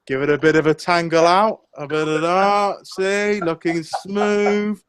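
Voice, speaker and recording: A man's voice: high-pitched, steady tone, unhurried, background noise. A man co-hosting a casual chat, joking crudely and wandering off on tangents. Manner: crude, jokey, goes off on tangents. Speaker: podcast co-host.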